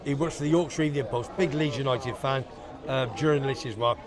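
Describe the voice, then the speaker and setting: A man's voice: medium pitch, brisk. A man chatting as a guest on a live show, rambling with lots of fillers and restarts, with a lingering cough. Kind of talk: casual banter on a livestream. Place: outdoors at a busy bar. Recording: outdoor livestream with crowd noise. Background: crowd chatter.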